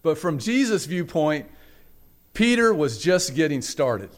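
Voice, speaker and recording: A man preaching a sermon, telling a story with dramatic swings from loud, raised passages to hushed ones and acting out the voices in it. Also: on the high side, big pitch swings, a little slow. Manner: acts out the quoted voices in the story. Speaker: pastor.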